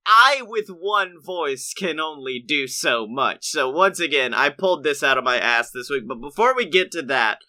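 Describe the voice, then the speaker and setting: A man with a very bright, slightly high voice talks excitedly in a casual podcast chat. He laughs often and climbs in pitch and volume when he gets worked up about something. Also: normal speed, few pauses. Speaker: podcast co-host.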